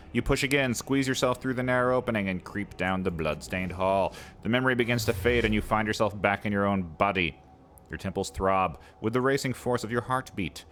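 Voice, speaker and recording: A man's voice: lowish voice, fairly bright tone, slight background noise. A man hosting a let's play, reading the game's text aloud and breaking off for playful, chatty asides to his viewers.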